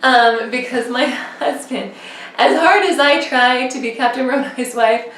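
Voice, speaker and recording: A young woman talks to the camera at a measured pace, her high voice a bit bright. She rambles chattily with many fillers, and the echoey room and distant mic color the sound.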